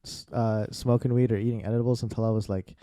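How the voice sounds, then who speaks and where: A man in his thirties hosting a podcast, telling stories in a relaxed, laid-back way and swearing casually. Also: lowish voice, fast talker, no echo, clean studio sound. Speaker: podcast host. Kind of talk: casual chat, storytelling.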